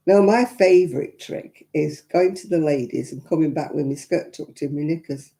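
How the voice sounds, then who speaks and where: A woman's voice: sits low, moderate pace, few pauses, dark tone. An English woman hosting a live crafting stream, talking frankly and laughing often as she answers viewers' comments. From England. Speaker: crafting livestream host. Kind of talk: chatty livestream talk.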